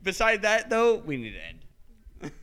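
A young man hosting a podcast panel in front of people, talking loudly and swearing freely between bursts of laughter. His voice is fairly high and smooth. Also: wildly swooping pitch, slow. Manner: loud, profane, laughing. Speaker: podcast host. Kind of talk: casual live panel banter.

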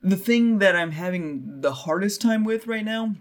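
A man with a high voice co-hosts a casual podcast. He talks in fits and starts, breaks off his own sentences, and drops the odd curse. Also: expressive. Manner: halting, self-interrupting, profane. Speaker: podcast co-host.

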